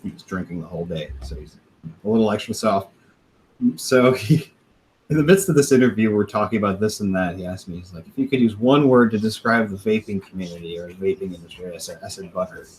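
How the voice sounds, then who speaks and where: A man's voice: lowish voice, fast, darkish tone, slight background noise, rough recording. A man on a podcast casually telling a long profane story, laughing now and then and acting out what others said. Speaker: podcast host.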